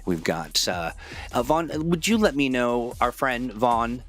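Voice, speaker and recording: A man's voice: medium pitch, sing-song, unhurried, soft background music. A man hosting a casual livestream chat, playful and self-deprecating, reading viewers' comments aloud. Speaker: livestream host.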